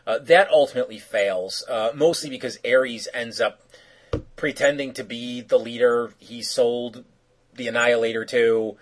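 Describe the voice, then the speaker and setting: A man's voice: mid-range voice, fairly even intonation, normal speed, rough recording. A man co-hosting a podcast, casually recapping an episode in a rambling, joking way. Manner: rambling, joking, filler-heavy. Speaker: podcast co-host.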